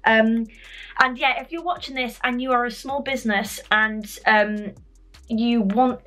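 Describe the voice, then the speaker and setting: A young woman gushing with excitement as she opens parcels in a casual vlog, full of fillers and exclamations. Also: on the high side, moderate pace. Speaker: stationery vlogger. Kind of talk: unboxing vlog.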